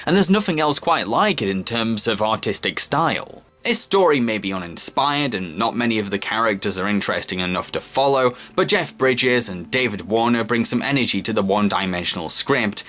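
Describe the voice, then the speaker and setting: A man's voice: medium pitch, fairly bright tone. Earnest man reviewing a film. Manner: measured, earnest and analytical. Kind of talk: scripted narration. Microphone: voice-over.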